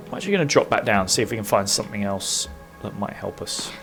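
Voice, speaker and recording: A man's voice: on the low side, expressive, quick pace, creaky, fairly bright tone, soft background music. A man casually commenting on his gameplay in a chatty, self-mocking way, with lots of fillers and bits of humming. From United Kingdom. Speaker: gaming streamer.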